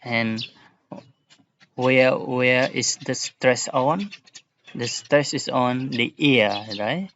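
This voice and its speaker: A male English teacher talks through a lesson at an unhurried, deliberate pace, pausing to give examples. His voice sits at an ordinary pitch, and the recording is a little dull and lo-fi with a faint hiss underneath. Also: a bit bright. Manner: slow, explaining patiently with examples.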